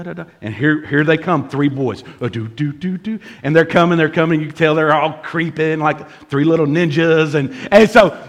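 A middle-aged man preaching a sermon, telling a comic story with animated shouts and laughs before moving into his teaching. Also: sits high. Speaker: pastor.

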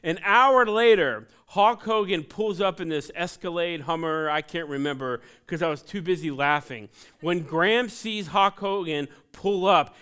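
A man in his forties from Ohio preaching a sermon in a church, conversational and joking, telling animated personal stories. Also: on the high side, normal speed, clean tone. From Ohio, USA. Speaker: pastor. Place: church sanctuary.

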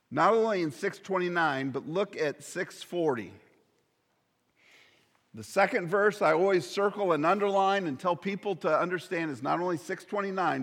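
Earnest male preacher in a reverberant hall. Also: fairly high pitch. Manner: earnest preaching, drops to near whispers on key words. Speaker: pastor. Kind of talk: sermon.

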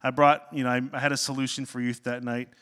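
A man, a pastor, preaching a sermon with animated, self-deprecating storytelling and jokes. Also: medium pitch, quick pace, smooth. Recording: long hall reverb.

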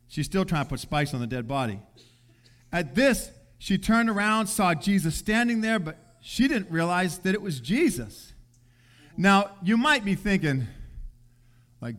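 A man with a high-pitched voice preaches a sermon in a relaxed, conversational manner. He drops into everyday slang and briefly plays the people in the story as he tells it. His delivery feels like talking with the congregation rather than lecturing them. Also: a little slow. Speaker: pastor.

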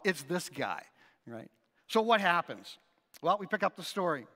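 A man delivers a sermon in an animated, conversational manner, his voice pitched high and swinging widely. His tone is bright and forward. The sound carries the long reverb of a big hall. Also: moderate pace. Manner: animated, conversational preaching with frequent "right?" asides. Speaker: pastor.

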